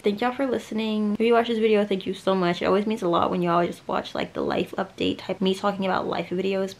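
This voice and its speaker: A woman's voice: lowish voice, creaky, darkish tone. A young woman vlogging to camera, telling a breakup story in casual, slang-filled chat, weepy after crying. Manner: chatty and emotional, slangy, fillers of "like". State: weepy, just cried.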